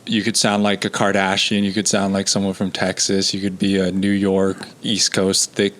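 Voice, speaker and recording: Low-voiced laid-back American man. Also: monotone, moderate pace, a bit bright. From United States. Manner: laid-back, blunt and swearing casually. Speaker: comedian guest. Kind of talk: casual podcast chat.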